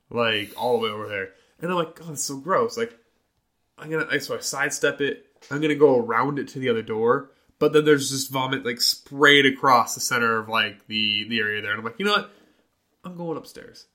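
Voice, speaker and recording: Bright-voiced young man telling a story. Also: medium pitch. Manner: animated storytelling, many fillers like "like". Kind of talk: casual chat.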